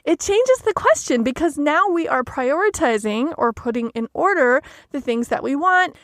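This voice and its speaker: A woman with a high, light voice talks through a coaching podcast, gentle and measured. The sound is close and dry, with no room around her. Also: sing-song, no room sound. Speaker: life coach podcast host. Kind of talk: solo podcast talk.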